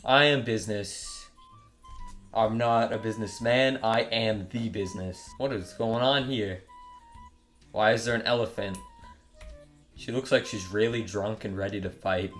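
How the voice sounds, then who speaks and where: A man's voice: on the low side, fairly even intonation, a little slow, pauses often, a bit bright, faint music behind. A young man giving crude, mocking commentary while trolling other players in an online game. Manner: joking, mocking, crude humor. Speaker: gaming YouTuber.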